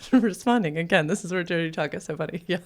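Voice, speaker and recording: A woman's voice: on the low side, a little fast. A woman hosting a casual podcast as a sexuality educator, telling a funny story with lots of laughter. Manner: storytelling, laughing often, animated.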